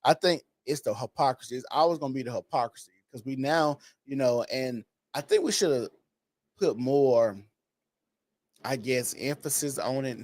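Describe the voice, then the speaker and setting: A man in casual podcast chat, quick and agreeable, often restarting his sentences. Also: medium pitch, animated, darkish tone, dry recording. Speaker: podcast co-host.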